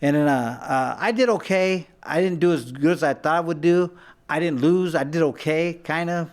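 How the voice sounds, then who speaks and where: A man's voice: fairly high pitch, normal speed. A man, a former boxer, telling stories in a casual talk-show chat, with many restarts and acted-out quotes. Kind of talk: casual storytelling.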